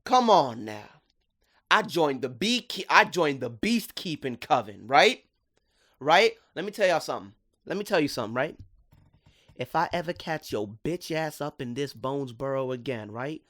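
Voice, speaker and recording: A man's voice: a little high, big pitch swings, normal speed, a bit bright. A man doing a trash-talking tough mama. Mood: threatening. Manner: trash-talking, streetwise slang. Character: tough older mother, threatening intruder.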